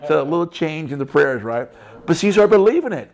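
A man's voice: on the high side, fairly quick. Emphatic, repetitive Christian speaker, man. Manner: repetitive, emphatic, frequent "right?" tags. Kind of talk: casual testimony talk.

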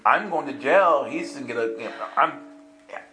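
A man's voice: mid-range voice, moderate pace. A man preaching in a storytelling way, acting out the dialogue and laughing through the story, recorded in an echoey room. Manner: animated, acts out voices and laughs through the story. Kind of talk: storytelling sermon. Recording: echoey room with music underneath. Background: soft instrumental music.

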